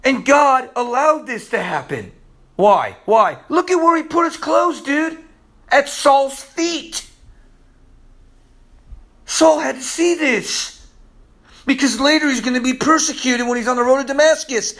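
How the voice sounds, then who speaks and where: A man preaching a sermon in a casual, slangy way, swinging from loud emphasis to hushed asides. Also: very high-pitched, expressive, a little slow, pauses often.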